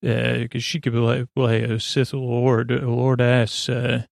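A man hosting a sleep podcast, casually retelling a story in a slow, meandering way full of filler words. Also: completely flat delivery, creaky, no room sound, studio quality. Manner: meandering, many uh fillers and 'he goes'; slow, low-key delivery. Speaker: podcast host. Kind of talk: rambling sleep-podcast episode recap.

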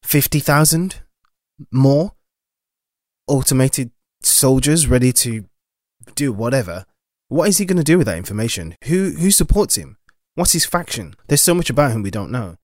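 A man's voice: medium pitch, animated, normal speed, a little mellow, no room sound, studio quality. A man playing a tabletop game, speaking in a skeptical, questioning way. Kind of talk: casual in-character chat.

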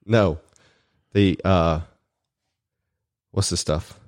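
Low-voiced man joking on a podcast. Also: fairly even intonation, drawn-out words, darkish tone, dry recording, clean studio sound. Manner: joking, rambling, laughs often. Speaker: podcast co-host. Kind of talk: casual podcast banter.

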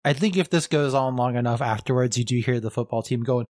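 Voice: mid-range voice, quick pace, no echo, clean studio sound. A player in a tabletop game, chatting casually and joking. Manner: lively, joking. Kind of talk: casual actual-play chat.

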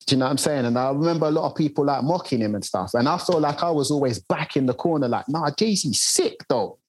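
A British DJ and radio presenter talks in an interview. He speaks conversationally at a mid pitch and often checks in with the listener. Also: quick pace, darkish tone. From United Kingdom. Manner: conversational, repeats "do you know what I'm saying".

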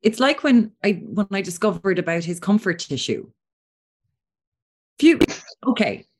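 An Irish woman in her thirties co-hosting a casual chat podcast, telling animated stories and acting out what people said. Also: mid-range voice, unhurried, breathy edge. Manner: animated storyteller, acts out quotes. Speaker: podcast co-host.

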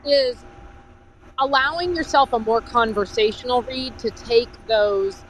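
A woman's voice: fairly high pitch, unhurried, a bit bright, slight background noise, rough recording. A woman co-hosting a podcast, chatty and thinking aloud as she follows up on a question. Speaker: podcast co-host. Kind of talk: casual podcast chat.

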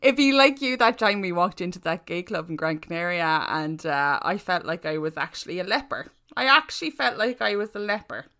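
A woman's voice: on the low side, brisk, hardly any pauses. A woman co-hosting a casual podcast, telling anecdotes and acting out what people said. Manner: animated storyteller, acts out quotes. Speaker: podcast co-host.

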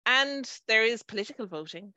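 A woman co-hosting a casual podcast chat, animated and acting out her own thoughts. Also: fairly high pitch, moderate pace, no echo, dull audio. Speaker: podcast co-host.

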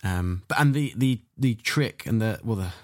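A man who hosts and plays trombone, talking casually in a halting way with many fillers. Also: lowish voice, lively intonation, darkish tone, dry recording, studio quality. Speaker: podcast host, trombonist. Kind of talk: casual chat.

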